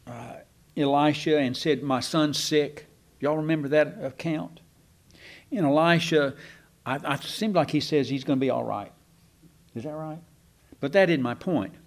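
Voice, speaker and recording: A man teaching a Bible class in a folksy, rambling way, with asides to his listeners. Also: on the high side.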